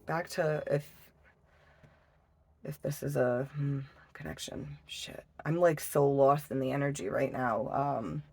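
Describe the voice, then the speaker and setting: A woman's voice: a bass voice, measured pace, vocal fry, a little mellow, breathy edge. Emotional swearing woman reading tarot. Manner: emotional, swears often, trails off and restarts. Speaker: tarot reader. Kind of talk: casual tarot reading vlog.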